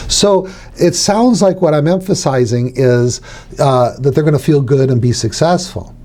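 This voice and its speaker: Man, middle-aged, relaxed dark tone, instructional podcast chat, acts out suggestions. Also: fairly high pitch, normal speed. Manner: explanatory, demonstrates suggestions aloud. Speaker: hypnotherapy trainer.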